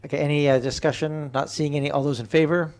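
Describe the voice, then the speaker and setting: A man chairing a council meeting as mayor, speaking in a measured, procedural and slightly hesitant way in a council chamber. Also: on the high side, steady tone, a little mellow.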